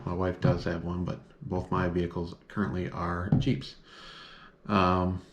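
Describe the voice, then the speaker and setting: A man's voice: deep voice, echoey room. A man from the northern United States talking casually to camera as a vlogger, rambling with many ums and restarts.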